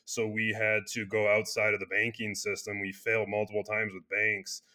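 A chiropractor being interviewed, talking earnestly in a casual conversation with loose restarts and frequent fillers. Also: male voice, on the low side, monotone, moderate pace, bright, forceful tone. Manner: earnest, speaks in loose restarts with many "you know" fillers. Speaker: chiropractor and clinic founder.

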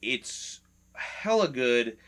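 A man chatting loosely on a podcast with a bright, forward tone. He rambles, swears freely and fills his pauses with "uh." His pitch sits in the middle for a man. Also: big pitch swings. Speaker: podcast co-host. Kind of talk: casual chat about beer.

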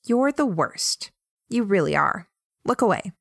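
A brisk, easily flustered young woman, as a woman storyteller puts her on, pitched up from the reader's own voice. She scolds and sounds exasperated. The sound is dry and close. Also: sing-song, gravelly, dry recording, heavily acted.

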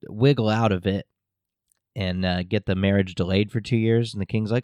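A podcast host casually recapping a show episode in a rambling, jokey way, with lots of fillers. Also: male voice, on the low side, steady tone, moderate pace, darkish tone, dry recording.

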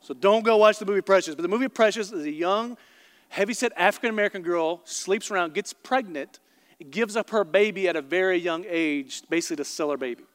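A man with a high, bright-pitched voice preaches to a packed church. Long reverb trails each phrase through the big hall, and he tells stories with lively asides to the crowd. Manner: animated storytelling, quick asides to the congregation. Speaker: pastor. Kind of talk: sermon. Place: large church auditorium before a congregation.

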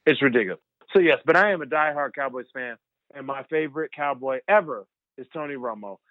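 A young man telling rambling, animated stories as a guest over the phone, laughing often. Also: medium pitch, fast talker, dry recording. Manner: animated, rambling storyteller who laughs a lot. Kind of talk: phone interview storytelling. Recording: tinny dry phone line.

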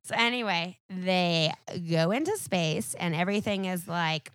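A woman's voice: on the low side, measured pace, a bit bright, clean tone, no echo, studio quality. A young woman guesting on a podcast, chatting casually in a rambling, laughing way full of "like". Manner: rambling, laughing, sprinkled with "like" and swearing.

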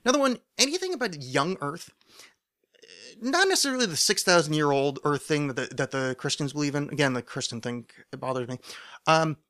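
A man's voice: fairly high pitch, lively intonation, fairly quick, pushed and bright. A man hosting a solo podcast, rambling in a loose monologue with many fillers, restarts and frequent swearing. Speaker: podcast host.

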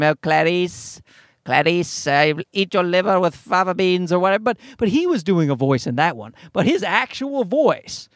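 A man's voice: high voice, dry recording, clean studio sound. A man in his thirties, a comedian and podcast host, rambling and swearing through a casual comic monologue. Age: 30s. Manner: rambling, profane, animated. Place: parking garage.

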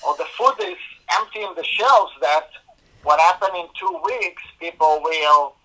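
A man, a doctor guest in a casual interview, speaking in halting, broken phrases with confident claims. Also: on the high side, pushed and bright, rough recording.

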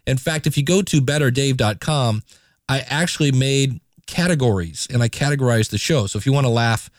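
A man hosting a solo podcast in a chatty, animated way, with an everyday mid-range voice. His voice sounds close and dry, with no room echo. He moves quickly between stories and advice. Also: medium pitch. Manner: chatty, animated, playful asides. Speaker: podcast host. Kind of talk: casual solo podcast talk.

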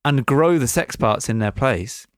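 A podcast co-host with a medium-pitched, expressive voice explains facts in a chatty, giggly way at a slightly slow pace. It's casual explanatory chat with clean studio sound and no echo.

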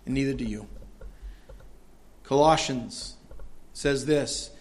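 A man preaching a sermon as pastor of a church, earnest and swelling loud when he reads scripture. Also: medium pitch, takes it slowly.

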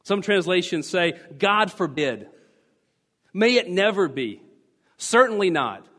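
Male pastor, sermon, high-pitched voice, emphatic teaching, long church reverb. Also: very animated, takes it slowly, a bit bright. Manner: emphatic, teaching, repeats key phrases. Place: church sanctuary.

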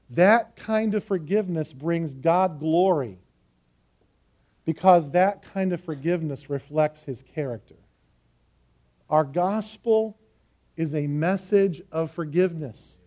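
A man delivers a sermon in an earnest, emphatic teaching style, his voice pitched high for a man and mellow with soft edges. He slows down on key phrases and stresses them to drive them home.

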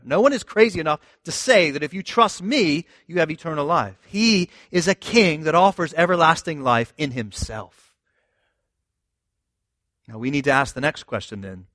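A man's voice: on the high side, expressive, normal speed, fairly bright tone, no room sound, studio quality. A man pastor preaching a sermon in a conversational, emphatic way, often asking the listeners rhetorical questions.

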